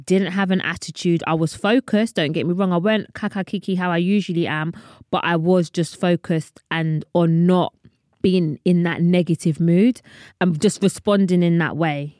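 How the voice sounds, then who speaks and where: A woman's voice: lowish voice, fairly even intonation, normal speed, a little mellow, no room sound, clean studio sound. A young woman hosting a faith podcast, chatty and earnest, often wandering off topic. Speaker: podcast host. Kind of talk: personal faith talk to listeners.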